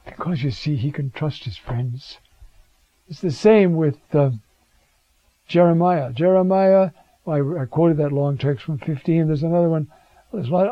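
A man's voice: moderate pace, no echo, highs cut off. An older man preaching a sermon on the prophets, acting out their words with dramatic swings of voice. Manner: dramatic, acts out biblical quotes with rising pitch.

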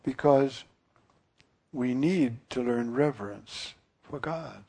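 Male priest preaching slowly; gravelly, husky tone, earnest and musing. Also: mid-range voice, mellow. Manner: earnest, musing, with frequent fillers. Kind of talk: sermon.

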